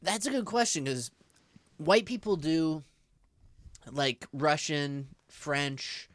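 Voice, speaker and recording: A man's voice: fairly high pitch, slow, fairly bright tone, dry recording. Rambling American man on a podcast. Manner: rambling, thinks aloud with many likes and restarts. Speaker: podcast co-host. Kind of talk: casual podcast chat.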